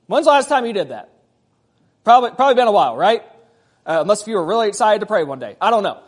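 Male pastor with a high voice, preaching a conversational sermon full of rhetorical questions. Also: sing-song, quick pace.

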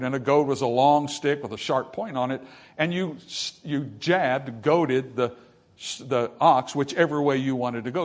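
A male preacher delivering a sermon, building to emphatic peaks and dropping into folksy asides. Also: medium pitch.

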